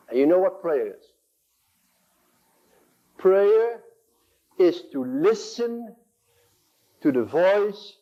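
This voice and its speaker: A preacher in his sixties delivers an impassioned sermon in a church, building on repeated phrases and acting out inner voices. His voice is a little high and mellow, and the sound is lo-fi.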